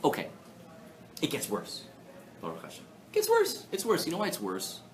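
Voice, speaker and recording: A man giving a live Torah class, animated and playful, asking the audience rhetorical questions. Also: fairly high pitch, normal speed, a little hiss or hum. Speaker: rabbi teaching a class. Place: synagogue hall before an audience.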